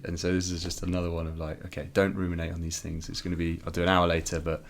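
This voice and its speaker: A man speaking as a guest on a casual podcast, with a very low voice. He muses thoughtfully and chuckles easily as he talks things through. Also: monotone, fast talker. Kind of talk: casual chat.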